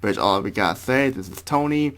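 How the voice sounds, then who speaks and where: A man hosting a casual gaming podcast, often halting and repeating words as he wraps up. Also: mid-range voice, animated, fairly bright tone. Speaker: podcast host.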